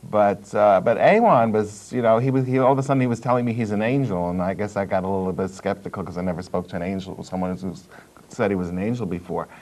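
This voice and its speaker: A man's voice: lowish voice, fast talker, a little mellow. A man guesting on a talk show, earnestly explaining and recounting experiences in a storytelling way. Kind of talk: studio talk show discussion.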